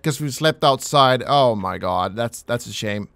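A man's voice: mid-range voice, lively intonation, unhurried, vocal fry, a bit bright, dry recording, clean studio sound. A man hosting a let's play, commenting with jokes, mock-pleading and casual swearing. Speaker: gaming channel host.

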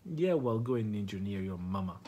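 A man voicing a gloomy, self-pitying male moth who turns crude and rude, with a husky voice. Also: on the low side, expressive, brisk, warm tone, voice pushed down. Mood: snappy.

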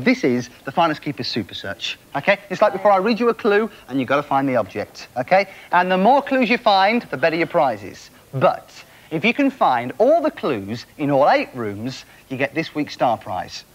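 Excitable game show host. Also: male voice, fairly high pitch, fairly quick, poor audio. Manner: excitable, chatty, urges contestants on. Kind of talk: energetic game show hosting. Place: TV studio set. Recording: loud music and cheering crowd behind.

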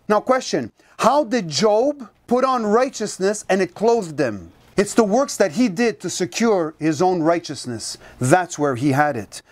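A Bible teacher speaks at a mid-range pitch, pressing points home with emphasis. They keep calling listeners to turn to a verse, read it out, then ask and answer their own questions. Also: a little mellow. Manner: directs listeners to turn to verses and reads scripture aloud.

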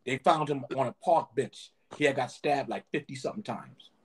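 A man who used to work as a nightclub bouncer, telling an animated story in a podcast interview and often adding "man". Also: medium pitch, moderate pace, slightly rough.

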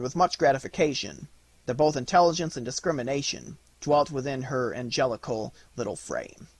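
A man narrating a classic storybook aloud in an expressive, lively way. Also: medium pitch, husky, no room sound. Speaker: audiobook narrator.

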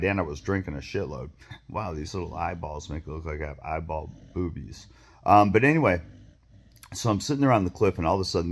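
A man telling a rambling, profane story to camera, full of fillers, restarts and asides. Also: low-pitched. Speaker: vlogger.

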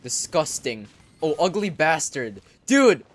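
A young man giving casual gameplay commentary, crude and excitable, breaking into sudden loud outbursts. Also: medium pitch, measured pace. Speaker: gaming YouTuber. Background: faint game music.

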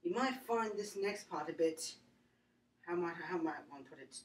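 A woman's voice: fairly low pitch, lively intonation, moderate pace. A young woman presenting a comedic mock-science skit, rambling and mock-serious with playful asides. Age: young adult.

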